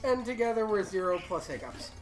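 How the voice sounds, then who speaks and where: A man's voice: sits high, big pitch swings, brisk, background noise. A young man with the hiccups, co-hosting a game playthrough and telling a long rambling story in casual chat. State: has the hiccups. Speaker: let's play co-host.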